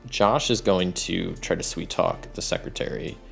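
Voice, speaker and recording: Low, gravelly male voice; easygoing solo game narrator who rambles and thinks aloud, soft music underneath. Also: normal speed. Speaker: solo game master and player.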